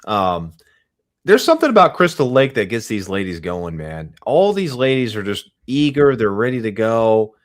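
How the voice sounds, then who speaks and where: Male co-host, dry joker who halts and restarts, lively intonation. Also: fairly low pitch. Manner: wry, joking, halting with restarts. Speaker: podcast co-host. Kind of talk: casual livestream movie chat.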